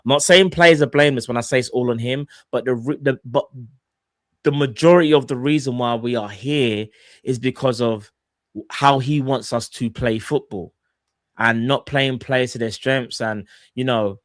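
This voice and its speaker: A young man, co-hosting a casual football fan show and arguing his points in slangy, animated talk. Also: mid-range voice, normal speed, no room sound, clean studio sound. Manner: animated, slangy, acts out quotes. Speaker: fan podcast co-host.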